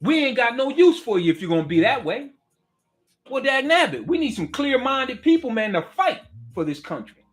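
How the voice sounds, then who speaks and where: A man's voice: very high voice, sing-song, normal speed. A middle-aged man, delivering a heated political rant. He preaches with fire, repeats himself and throws direct questions at the listener. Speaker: political commentator.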